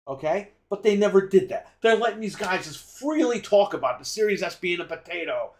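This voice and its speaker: A man's voice: sits high, animated, fairly quick, hardly any pauses, darkish tone. A man co-hosting a gaming podcast, ranting in a heated, profane way. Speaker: podcast co-host. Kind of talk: casual gaming podcast rant.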